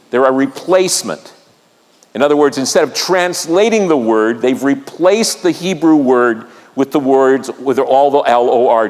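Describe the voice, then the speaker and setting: A man preaching to his congregation, painting scenes as he talks and asking them to read along. His voice sits a little high. Long reverb trails off each phrase in the sanctuary. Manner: vivid storytelling, asks the congregation to join in. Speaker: pastor. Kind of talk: sermon. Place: church sanctuary.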